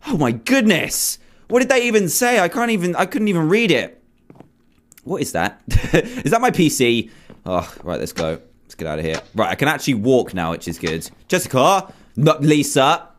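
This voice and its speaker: A man's voice: a little high, very animated, normal speed. A young man hosting a horror game playthrough, jumpy and exclaiming as he talks to himself and his viewers. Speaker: gaming video host. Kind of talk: let's play commentary.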